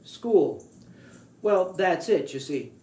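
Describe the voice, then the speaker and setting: A man's voice: high voice, sing-song, slow, dark tone, echoey room, voice pushed up, heavily acted. A man voicing a prim, middle-aged small-town real estate man and tax assessor who speaks formally, fussily and at length. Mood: fussy. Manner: fussy, formal and long-winded.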